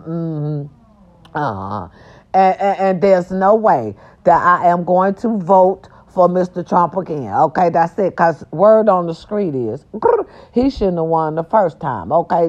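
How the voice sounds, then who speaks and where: An older woman from the South, ranting brashly to her vlog viewers and growling now and then. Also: fairly low pitch. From American South. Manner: animated and brash, growls and breaks into song. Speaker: vlog host. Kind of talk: casual rant to viewers. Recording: dull lo-fi audio.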